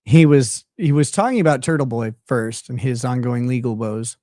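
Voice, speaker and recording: A man's voice: mid-range voice, moderate pace, warm tone, dry recording, studio quality. A man hosting a livestream in casual chat, blunt and profane, laughing often. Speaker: livestream host.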